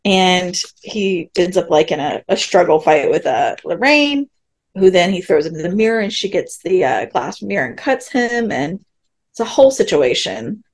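A woman's voice: lowish voice, animated, moderate pace. A woman co-hosting a podcast, casually recapping a TV episode and acting out quoted lines with frequent laughs. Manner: chatty, retells scenes with quoted lines, laughs often. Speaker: podcast co-host.

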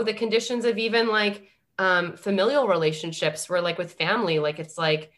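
Musing woman full of "like"s. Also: fairly low pitch. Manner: musing, heavy use of "like", animated when quoting. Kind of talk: reflective podcast conversation.

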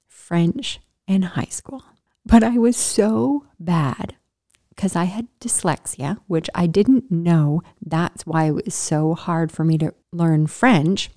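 A woman vlogger chatting casually to camera in a studio, telling a personal story in a lively way with slangy exclamations. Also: medium pitch.

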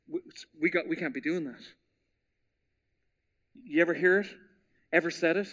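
Animated high-voiced male preacher. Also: brisk. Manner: animated storytelling preacher, acts out quotes with playful voices. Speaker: pastor. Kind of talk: sermon.

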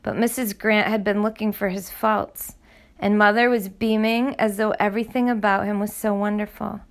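A woman reads a novel aloud at a middle pitch, her voice carrying a gravelly rasp of vocal fry. She tells the story in a steady, measured way. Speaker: audiobook narrator. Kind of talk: scripted narration.

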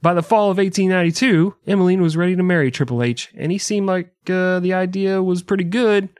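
A man's voice: sits high, brisk, a little mellow, clean tone, no echo, studio quality. A man co-hosting a casual comedic history podcast, joking and laughing often as he tells the story. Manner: jokey, laughs often, breaks into mock singing. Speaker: podcast co-host.

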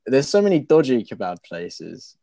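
A young man in a band, chatting casually in an interview, rambling and trailing off softly at the ends of thoughts. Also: medium pitch, sing-song, moderate pace, gravelly, dry recording. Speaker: band member.

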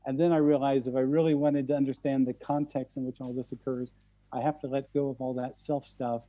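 A man from the central United States, a guest telling stories in conversation, halting and often repeating his words. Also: mid-range voice, little pitch movement, warm tone, highs cut off. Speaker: guest speaker. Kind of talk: storytelling in conversation.

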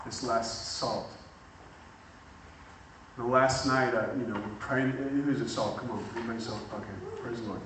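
Guy preaching to a crowd, bright tense voice, lots of room echo, bit far from the mic. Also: medium pitch, unhurried, pauses often, slight background noise. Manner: builds from calm to shouting excitement, acts out dialogue. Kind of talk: sermon with storytelling. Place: church hall with congregation.

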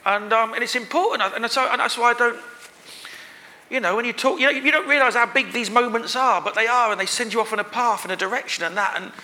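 High, bright-voiced man telling a story. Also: fast. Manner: rambling, self-deprecating, emotional. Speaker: guest performer. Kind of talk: live podcast interview storytelling. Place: stage at a live show. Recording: live venue with long reverb.

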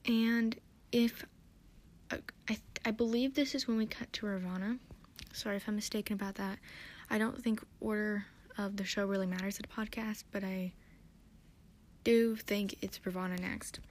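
A woman's voice: medium pitch, fairly even intonation, normal speed, a little mellow, slight background noise. A tired woman hosting a podcast, recapping an episode in a rambling, hesitant, self-deprecating way. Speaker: podcast host.

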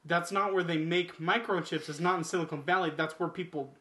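A man in a casual movie chat, jokey and quick with quips. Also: a little high, steady tone, pushed and bright, reverberant.

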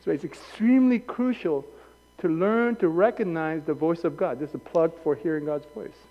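A male pastor preaching a sermon in an animated way, acting out voices and wandering into anecdotes with self-corrections. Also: on the high side, moderate pace, big-room sound, highs cut off. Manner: animated, acts out quoted voices. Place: church hall.

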